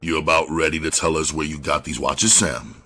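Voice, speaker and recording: A man's voice: rumbling low, steady tone, a little fast, pushed and bright, heavily acted. A man voicing a hard, cold male detective who questions in a cool, menacing way.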